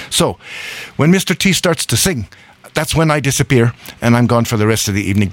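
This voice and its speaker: Chuckling man hosting live radio. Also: medium pitch. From Scotland. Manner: rambling, chuckling, self-amused. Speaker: radio show host. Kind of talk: casual live radio chat. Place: radio studio.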